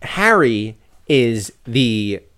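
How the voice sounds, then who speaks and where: Chatty young man, lively pitch. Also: drawn-out words, smooth. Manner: chatty, laughs often, lively. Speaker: podcast co-host. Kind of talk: casual chat about a film. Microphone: phone mic.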